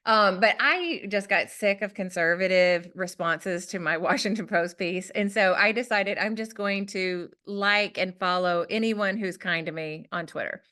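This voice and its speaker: A woman with a Southern US accent, a guest author telling a personal story in an animated, self-deprecating way in a podcast interview. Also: medium pitch, a little slow, few pauses.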